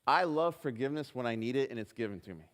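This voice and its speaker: A pastor preaches a sermon in a church hall, and the live stream picks up the hall's reverb. His mid-range voice is expressive and quick as he earnestly tells a personal story, acting out the dialogue with hesitant restarts.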